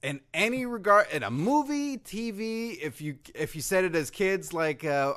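Man, podcast co-host, dry wisecracks, casual chat, animated pitch. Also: normal speed, hardly any pauses.

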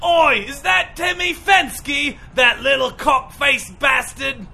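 High gravelly hooligan, bright and drawn-out, bellows abuse in a comedy sketch. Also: male voice, faint music behind, full character voice. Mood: rowdy. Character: rowdy foul-mouthed male soccer hooligan heckler.

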